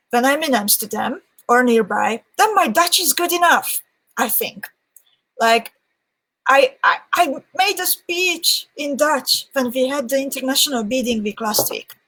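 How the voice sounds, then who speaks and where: A woman hosts a live crafting stream in a relaxed, chatty way, working through viewer comments one by one. Her voice sits a little high and has a soft, breathy edge. She takes her time and laughs easily between the names she reads. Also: low-quality recording. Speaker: host of live beading sessions. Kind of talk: casual livestream chat.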